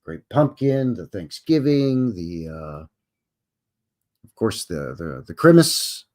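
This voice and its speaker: A man's voice: fairly low pitch, sing-song, slow pace, darkish tone. A man hosting a casual live stream, chatting, reading aloud and adding asides.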